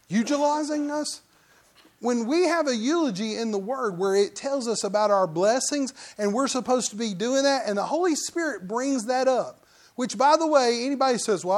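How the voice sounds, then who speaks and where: A middle-aged man preaching a conversational sermon as pastor, breaking into loud mock outbursts now and then. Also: very high-pitched.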